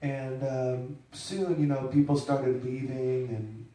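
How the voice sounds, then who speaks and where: A man's voice: mid-range voice, steady tone, slow pace, warm tone, very echoey, recorded from a distance. A man telling a personal story to a live audience, rambling and self-deprecating, with many restarts.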